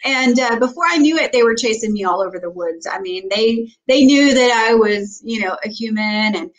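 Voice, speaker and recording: A woman's voice: a little high, lively intonation, moderate pace, rough recording. Chatty woman telling a story. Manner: storytelling with many fillers and restarts. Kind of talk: casual chat.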